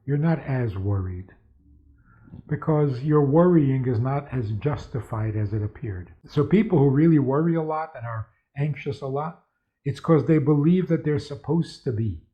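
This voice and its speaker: A man's voice: mid-range voice, expressive, normal speed. A man who is a rabbi, giving a spoken lecture with stories and asking rhetorical questions. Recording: tinny phone-like sound.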